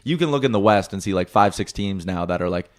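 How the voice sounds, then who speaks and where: A man co-hosting a sports talk show, chatting casually about hockey and telling animated stories. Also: sits low, fast. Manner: chatty, animated storytelling with frequent "like". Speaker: sports radio co-host.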